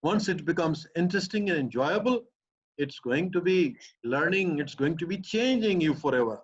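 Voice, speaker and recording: Emphatic high-voiced Pakistani English professor. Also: male voice, lively intonation, normal speed, husky. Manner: emphatic, piles up repeated phrases. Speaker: professor answering a student's questions. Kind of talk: explanatory academic talk. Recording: muffled lo-fi recording.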